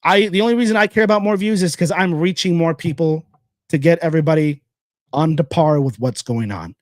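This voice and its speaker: A man's voice: on the high side, brisk, dry recording, clean studio sound. Blunt rambling man hosting a podcast. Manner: blunt and rambling, with repeated phrases and sponsor shout-outs. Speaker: podcast host. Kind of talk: casual solo podcast monologue.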